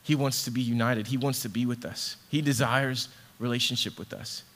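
A man's voice: medium pitch, fairly even intonation, moderate pace, fairly bright tone. A man with an ordinary mid-range voice reads scripture and reflects on it devotionally. He speaks earnestly and from the heart, doubling back on words as he feels his way through the thought. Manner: earnest, heartfelt, repeats words as he searches for them. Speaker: church ministry associate director.

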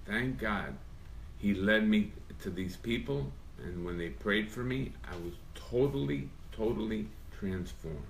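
A man, an evangelist guest, giving a halting personal testimony and repeating words as he speaks. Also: on the low side, lively intonation, vocal fry, slight background noise. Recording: echoey, from a distance.

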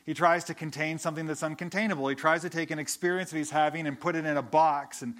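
A man's voice: fairly high pitch, steady tone, fast, fairly bright tone. A man, a pastor, giving a conversational, earnest sermon, often restarting and repeating words as he speaks.

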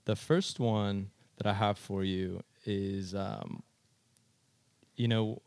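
Man, podcast host, lowish voice, enthusiastic questions, dry close sound. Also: fairly even intonation, slow, creaky, darkish tone, dry recording. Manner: enthusiastic, short affirming replies, asks questions. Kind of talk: casual interview chat.

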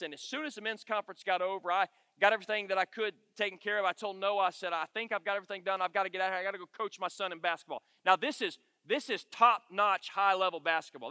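A man's voice: sits high, bright, forceful tone, no room sound, long reverb tail. A man preaching a conversational sermon, telling a candid, self-deprecating story and checking in with "okay?" as he goes. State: tired. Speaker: pastor.

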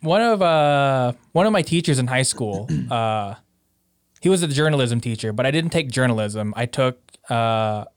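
A man's voice: mid-range voice, lively intonation, normal speed, clear, resonant tone, no room sound, clean studio sound. A young man in casual chat, easygoing and teasing, often laughing.

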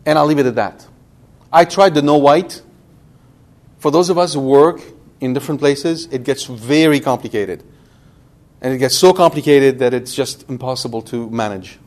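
A priest with a mid-range voice at normal speed teaches a conversational Bible study. He's lively, speaking directly to his listeners and asking them questions.

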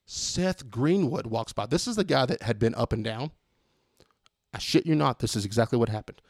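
A man telling a long story in casual chat, animated and swearing freely. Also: mid-range voice, normal speed, no room sound, studio quality. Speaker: podcast host telling a story.

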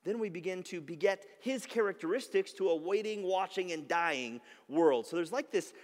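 A man's voice: high voice, animated, normal speed. A man in his thirties, a pastor, giving a conversational sermon with frequent rhetorical questions to the congregation. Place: church sanctuary. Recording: long hall reverb.

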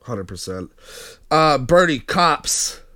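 A man's voice: fairly high pitch, big pitch swings, slow pace, pushed and bright. A man co-hosting a podcast, reading listener comments aloud and joking in casual chat. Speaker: podcast co-host.

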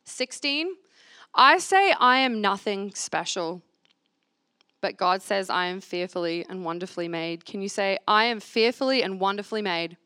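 With lively intonation and a pushed, bright, clean tone, a woman of medium pitch leads a church reflection at a moderate pace. She reads scripture aloud and earnestly has the room repeat affirmations in call-and-response fashion. The studio recording is clean with no echo, set at a church gathering.

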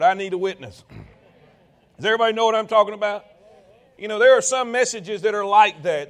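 A man's voice: high voice, a bit bright. A man preaching a sermon in a church sanctuary, reading old scripture aloud and breaking off for folksy asides to the congregation. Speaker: pastor.

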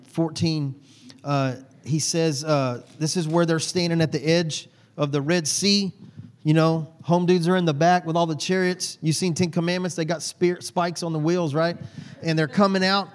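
A man pastor preaching a sermon in a casual, slangy way. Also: high-pitched.

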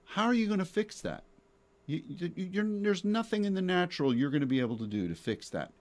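A man's voice: sits high, expressive, a little fast, darkish tone. A man hosting Christian radio talk, preaching emphatically with rhetorical questions and repeated words.

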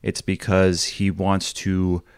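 A man co-hosting a podcast in casual chat, teasing his co-host in a deadpan way. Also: low voice, slow pace, clean tone, no room sound, studio quality.

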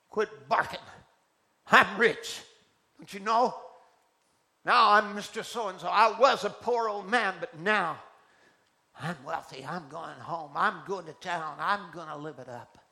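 A man preacher voicing a greedy, boastful gold miner who shouts and gloats over his riches. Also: a little high, measured pace, gravelly, full character voice. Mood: angry boasting.

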